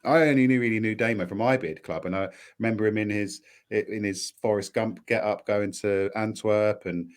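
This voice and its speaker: Male podcast co-host, deep radio voice, rambling and self-deprecating, casual chat. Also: fairly even intonation, moderate pace, hardly any pauses.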